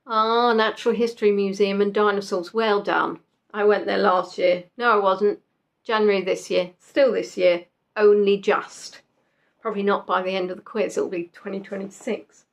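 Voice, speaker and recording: A woman's voice: medium pitch, fairly even intonation, moderate pace, gravelly. A young woman hosting a casual quiz, chatty and joking as she reads out the players' answers. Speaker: quiz host. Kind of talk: casual live quiz chat.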